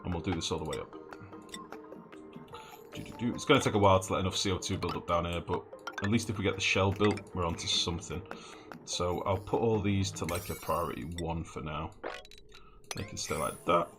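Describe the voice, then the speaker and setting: A man's voice: sits low, brisk. A man giving casual live commentary while playing a game, thinking aloud, swearing freely and chatting with his viewers. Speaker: gaming streamer. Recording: game music under the voice.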